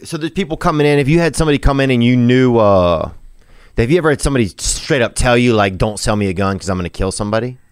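A man's voice: mid-range voice, expressive, quick pace, clean tone, no echo, clean studio sound. A man hosting a podcast, asking rambling, playful questions in a casual interview. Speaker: podcast host.

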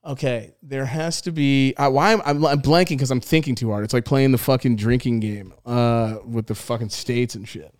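A man's voice: mid-range voice, steady tone, a little mellow, no room sound, clean studio sound. A man hosting a podcast, chatting casually and swearing freely as he plays a trivia game. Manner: swearing, quick banter. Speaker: podcast host.

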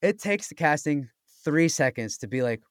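Animated young man telling a story. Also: fairly high pitch, moderate pace, clear, resonant tone, no echo, studio quality. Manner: animated, acts out quoted lines. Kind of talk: casual storytelling.

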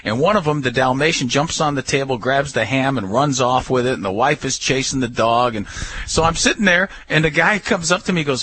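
A man hosting a radio talk show, telling a lively story and acting out what people said. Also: medium pitch, brisk, slightly rough, no echo. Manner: animated storyteller, acts out quotes.

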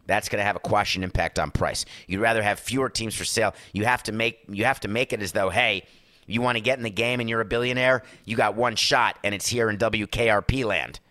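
Bright-toned sarcastic male podcast host. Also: on the low side, steady tone, fairly quick, no room sound. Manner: sarcastic, acts out quoted people. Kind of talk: sports business commentary.

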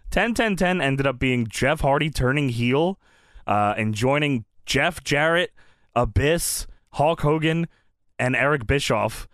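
A man's voice: mid-range voice, animated, unhurried, fairly bright tone, no room sound, studio quality. A man co-hosting a casual wrestling recap chat. He laughs often, swears freely and acts out the wrestlers' lines. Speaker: podcast co-host.

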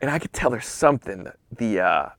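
Lively male storyteller with a gravelly edge, whispers the asides, dry and close. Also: mid-range voice, fairly quick, dry recording. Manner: animated storyteller, drops to hushed whispers for asides. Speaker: interview guest, photographer. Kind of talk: casual anecdote telling.

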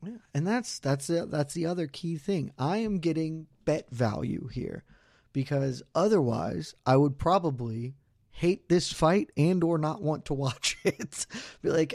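Mellow-voiced man on a betting podcast. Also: a little high, normal speed, dry recording, clean studio sound. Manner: loose, rambling, self-deprecating. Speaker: podcast co-host. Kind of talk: casual betting podcast chat.

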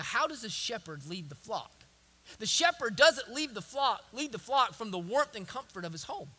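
A man's voice: very high voice, pushed and bright. A male pastor preaching a sermon in an emphatic style, repeating words and phrases for weight.

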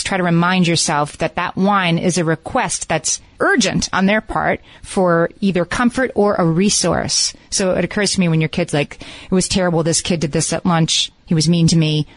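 A middle-aged woman co-hosting a podcast, talking in a wry, exasperated way before turning to clear points. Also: fairly low pitch, dry recording. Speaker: podcast co-host. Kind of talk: casual chat.

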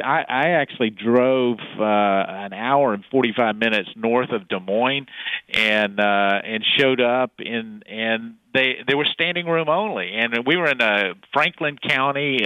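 A man's voice: medium pitch, sharp tone, no echo, poor audio. A man calling into a talk radio show as a congressman guest, upbeat and good-humored. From United States. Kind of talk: phone-in interview.

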